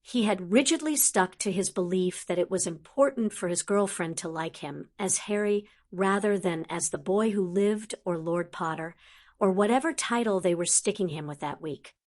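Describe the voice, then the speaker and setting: A woman narrating a fantasy fanfiction audiobook in an even, measured reading voice. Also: mid-range voice.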